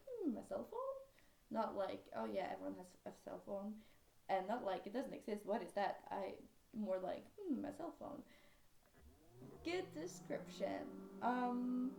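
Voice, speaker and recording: Talking about a book in a rambling, casual chat, this young book vlogger from Norway goes off on tangents and fills her speech with fillers, speaking in a Norwegian accent. Her voice is medium-pitched, creaky, and dark, and the room sounds echoey.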